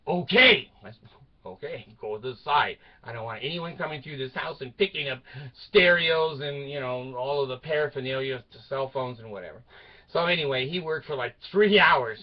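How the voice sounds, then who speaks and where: An older man telling a rambling personal story to his channel, laughing at his own jokes and swinging between loud outbursts and mutters. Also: mid-range voice, dull audio. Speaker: video channel host.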